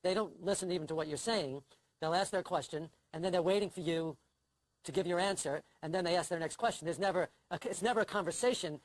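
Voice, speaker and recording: An older comedy writer, appearing as a guest in a casual interview, speaks quickly in a high-pitched voice. The low-quality recording has no room sound, and he tells wry, self-deprecating, anxious stories in relaxed conversation.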